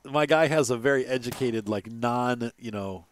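A man's voice: medium pitch, normal speed, slight background noise. A man hosting a gaming channel, giving casual gameplay commentary in a rambling way, with many fillers and little chuckles. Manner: chuckles between remarks.

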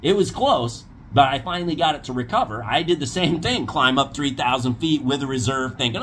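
A man's voice: medium pitch, fairly quick, hardly any pauses, a bit bright, a little hiss or hum. A man ranting bluntly in a commentary video, mocking others and giving safety warnings as a paramotor dealer.

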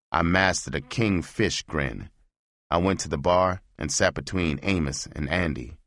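A man reading a first-person audiobook in a slow, measured delivery. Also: very deep voice, fairly bright tone, no room sound, clean studio sound. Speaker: audiobook reader.

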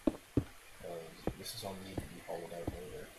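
A man's voice: low voice, level tone, normal speed. A man rambling and swearing through self-mocking gameplay commentary on a laptop's built-in mic. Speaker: gaming video creator. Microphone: laptop internal mic. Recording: loud hiss, laptop internal mic.

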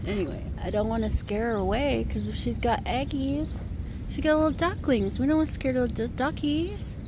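A woman's voice: fairly high pitch, moderate pace, background noise. A woman chatting casually to the camera in a rambling vlog, partly outdoors by a lake. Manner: chatty and rambling, talks softly to a duck. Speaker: vlogger.

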